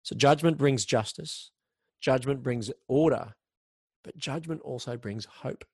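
Male preacher, earnest sermon delivery, medium pitch, dry close-miked recording. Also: a little mellow, breathy edge, no room sound. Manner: earnest, slows down for emphasis, occasional restarts.

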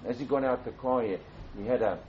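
An older man earnestly tells a personal story as a pastor, repeating and restarting phrases and rising in pitch for emphasis. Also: fairly quick. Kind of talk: storytelling testimony. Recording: dull, slightly muffled with faint background hiss.

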